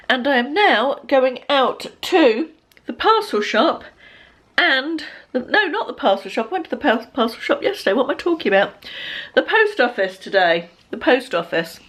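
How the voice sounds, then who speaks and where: Chatty woman in her fifties. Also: on the high side. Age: 50s. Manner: chatty, rambling, corrects herself. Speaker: lifestyle vlogger. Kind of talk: casual vlog chat to camera. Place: at home, indoors.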